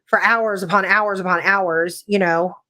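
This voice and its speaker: A woman from California, a paranormal investigator, talking in a chatty, animated way full of "like" and "you know". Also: medium pitch, measured pace. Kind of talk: casual podcast chat.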